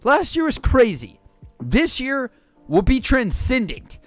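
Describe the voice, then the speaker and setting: Man hosting a live stream, bouncy animated pitch, hyped and jokey, faint music behind. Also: takes it slowly, no echo. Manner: excitable, says "freaking" constantly, shouts out names; jokey and hyperbolic. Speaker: livestream host. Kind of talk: casual chat greeting viewers.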